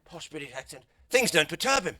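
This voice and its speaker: Middle-aged Australian man, Australian accent, stand-up comedy set, rambling swear-heavy storytelling, bright edgy tone. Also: on the high side, big pitch swings, a little fast.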